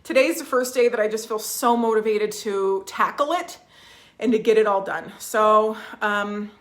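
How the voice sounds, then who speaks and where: A woman's voice: mid-range voice, normal speed. A woman vlogging from home, chatting casually with viewers, restarting sentences and reading out their comments. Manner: warm, chatty, reads viewer comments aloud; restarts sentences, fillers, emotional at times.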